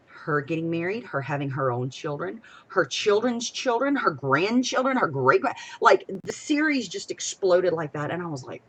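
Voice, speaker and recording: A young woman, talking casually on a live stream. Her voice sits a little low, and she rambles excitably, jumping from loud bursts to soft asides. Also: breathy edge. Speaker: podcast co-host.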